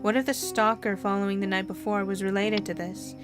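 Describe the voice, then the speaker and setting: A woman narrates a story game with expressive delivery, stumbling now and then and tossing in wry asides. Her voice sits at an ordinary pitch. Clear music plays underneath. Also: brisk. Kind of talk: reading a story game aloud.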